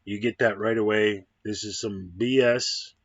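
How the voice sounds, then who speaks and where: Husky low-voiced man reviewing a film. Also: fairly even intonation, measured pace, no room sound. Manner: rambling, many ums and restarts. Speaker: movie reviewer. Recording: dull lo-fi sound, dry.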